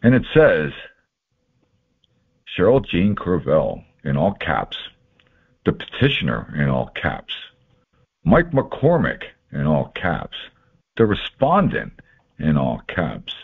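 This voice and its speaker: A man's voice: very deep voice, wildly swooping pitch, slow, vocal fry, long pauses, husky. A man walking through court documents in a folksy, informal way, marking items off one by one with sarcastic asides. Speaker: presenter explaining court papers. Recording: tinny phone-like audio.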